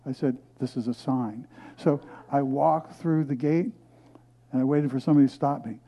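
A middle-aged male pastor preaching a sermon, telling a personal story and reading scripture loudly, then dropping to hushed asides. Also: on the high side, fairly even intonation, normal speed.

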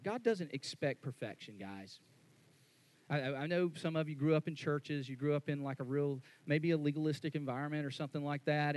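Conversational pastor preaching. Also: male voice. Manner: conversational, rises louder and higher when worked up; repeats words and restarts often. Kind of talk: sermon.

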